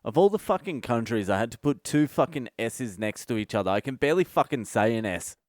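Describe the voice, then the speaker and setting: A man's voice: mid-range voice, lively intonation, fairly quick, a little mellow, no room sound. A man hosting a comedy podcast, delivering a profane, sardonic solo rant close to the microphone.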